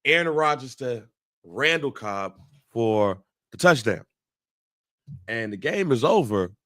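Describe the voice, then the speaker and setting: A man's voice: mid-range voice, pushed and bright, no echo, clean studio sound. A man, telling a profane, laughing story as a talk-show co-host.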